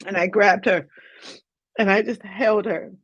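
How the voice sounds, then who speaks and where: A woman's voice: medium pitch, fairly even intonation, measured pace, slightly rough, dry recording. A woman, a guest on an interview show, earnestly retelling a personal story in vivid detail. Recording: dull lo-fi dry sound.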